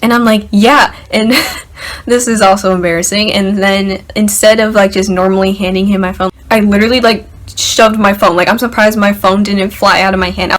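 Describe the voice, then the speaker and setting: A young woman vlogger telling a story to the camera in an excited, chatty way, packed with "like" and "literally". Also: medium pitch, a little fast. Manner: excited, filler-heavy, lots of "like" and "literally".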